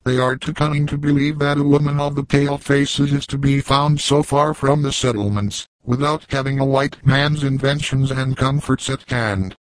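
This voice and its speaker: A man's voice: medium pitch, steady tone, moderate pace, few pauses, dry recording, lightly acted, poor audio. A man reading the part of a shrewd, cautious old trapper in a storybook, cool and wary.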